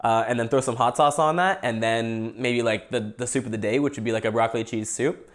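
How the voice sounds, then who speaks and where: A man's voice: mid-range voice, a little fast. Young Canadian man, loose joking host, talks through his food. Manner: rambling, joking, eating while talking. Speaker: podcast host. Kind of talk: casual livestream chat.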